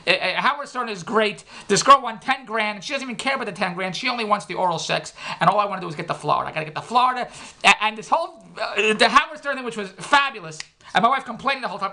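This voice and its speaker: Fast-talking man spinning a comic rant. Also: sits high, expressive, creaky, bright, forceful tone. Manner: repetitive, riffing, wry self-mocking asides. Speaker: comic storyteller. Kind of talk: rambling comic monologue.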